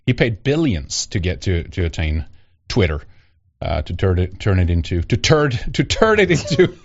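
A male podcast host rambles through opinionated chat, sarcastic and quick to laugh. His pitch swings widely, and the audio is dull and lo-fi. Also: sing-song.

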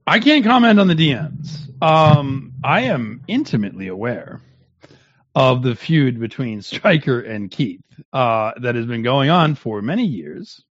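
A man, a guest on a livestream, giving heated, mocking commentary in an animated rant. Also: medium pitch, unhurried, dry recording, highs cut off.

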